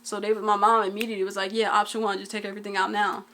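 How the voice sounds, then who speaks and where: A woman's voice: mid-range voice, little pitch movement, rapid-fire, bright, forceful tone, a little hiss or hum. A young woman, telling a family story in casual vlog chat, full of "like"s. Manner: casual, dialect-heavy storytelling with many "like"s. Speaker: twin vlogger.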